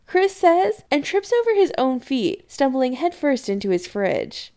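A woman's voice: mid-range voice, unhurried, few pauses. Woman narrating a story expressively. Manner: expressive, lively reading. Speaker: reader.

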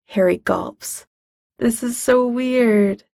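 A woman's voice: a little high, takes it slowly, a little mellow, dry recording, clean studio sound. A woman reading fiction aloud in a wry, conversational narrating voice. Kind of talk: fan fiction audiobook reading.

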